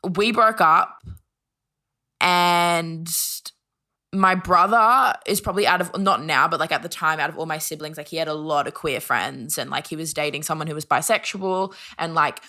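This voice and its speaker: Chatty bright-voiced woman telling a story. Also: deep voice, normal speed. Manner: chatty, fills every phrase with "like", acts out quoted voices. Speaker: podcast guest. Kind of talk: casual storytelling.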